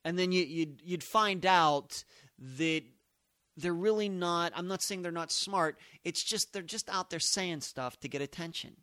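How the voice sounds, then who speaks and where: A man's voice: high voice, measured pace, bright, forceful tone, dry recording, clean studio sound. A man hosting a solo podcast, thinking aloud in emphatic, musing commentary. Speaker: podcast host.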